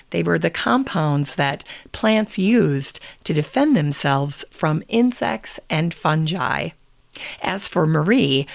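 A woman hosting a gardening podcast in scripted, unhurried narration, reading quotations aloud. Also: lowish voice, creaky, no echo. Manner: unhurried, reads quotes aloud. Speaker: podcast host.

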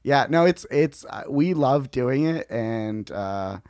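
Man, podcast guest, easygoing, chuckles, lively pitch, dry dead room. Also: slow pace, no echo. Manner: easygoing, chuckles between remarks. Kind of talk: casual comedy podcast chat.

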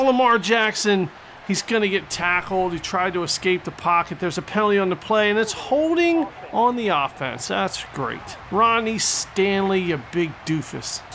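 A man giving excitable, jokey play-by-play commentary over a football video game. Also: sits high, noisy background. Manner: excitable and jokey, mock-announcer delivery. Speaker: gaming commentator.

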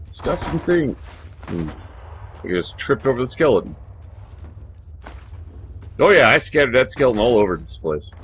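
A man's mid-range, slightly bright voice comes through with a little background noise. He hosts a let's play, chatting casually about the game and swearing freely toward his in-game companions over video game music.

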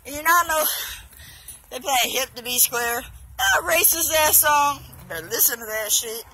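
A woman's voice: high-pitched, lively intonation, normal speed, sharp tone, a little hiss or hum, poor audio. A drunk young woman vlogging outdoors on her phone, rambling and swearing with loose banter. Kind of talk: casual rambling selfie vlog. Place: outdoors by a busy road.

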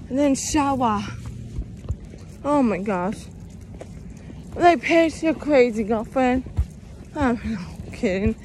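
Young woman vlogger, high voice, slow rambling delivery, out of breath, phone held up outdoors. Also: animated, a little mellow, a little hiss or hum. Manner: rambling, says "you guys" constantly. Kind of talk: casual vlog chat. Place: outdoors walking around town.

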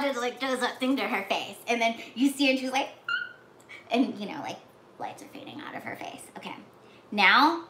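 Bright, animated woman retelling a movie. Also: medium pitch. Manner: animated, many "like"s, acts out lines in whispers and shouts. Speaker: storyteller retelling a movie plot. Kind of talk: casual chat. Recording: echoey room with faint noise.

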